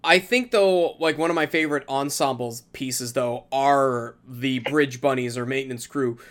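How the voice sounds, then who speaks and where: Bright-voiced, gushing podcast co-host man. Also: mid-range voice, normal speed. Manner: enthusiastic, gushing. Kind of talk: casual podcast chat.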